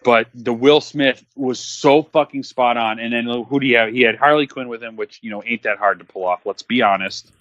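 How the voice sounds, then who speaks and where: A man's voice: medium pitch, fairly even intonation, moderate pace, few pauses, fairly bright tone, dry recording. Blunt, cursing man in casual commentary. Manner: blunt, profane, rambling with fillers. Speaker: podcast co-host. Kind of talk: casual movie-watching commentary. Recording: dull, muffled recording.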